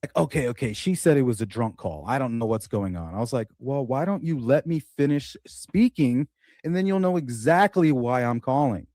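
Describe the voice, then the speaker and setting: A man recounts a story in casual conversation, voicing each person he talks about. His tone is mellow and dark, with a dry, close sound. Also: medium pitch, normal speed, dry recording. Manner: animated retelling, acts out dialogue.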